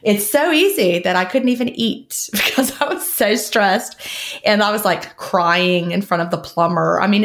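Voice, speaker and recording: A woman's voice: mid-range voice, expressive, normal speed. A woman co-hosting a podcast in casual chat, rambling and laughing often as she talks. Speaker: podcast co-host.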